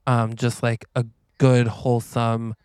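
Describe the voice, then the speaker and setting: Smooth-voiced man podcast co-host. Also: mid-range voice, completely flat delivery, unhurried, darkish tone, dry recording, studio quality. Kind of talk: casual chat.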